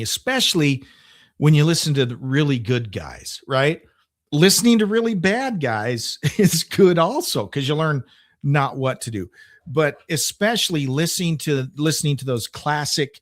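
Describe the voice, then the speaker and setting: A man's voice: fairly high pitch, no room sound, clean studio sound. A man in his fifties from Oklahoma, a former radio DJ giving casual advice in a conversational way, often tagging "right?". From Oklahoma, USA. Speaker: former radio DJ, channel host.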